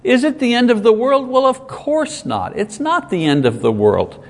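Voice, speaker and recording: A man's voice: very high voice, sing-song, normal speed. A man giving a sermon as a pastor, earnest and conversational, repeating his key lines for weight. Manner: earnest, conversational preaching with repetition. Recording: long hall reverb.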